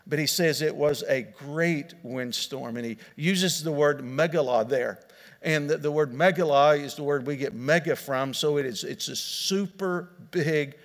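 A male pastor preaching a sermon in an earnest, explaining way, often restarting and repeating words. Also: fairly high pitch. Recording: long hall reverb.

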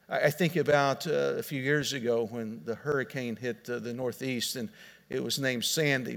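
A man's voice: mid-range voice, gravelly. A male pastor preaching a sermon in an earnest, explaining way, often restarting and repeating words. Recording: long hall reverb.

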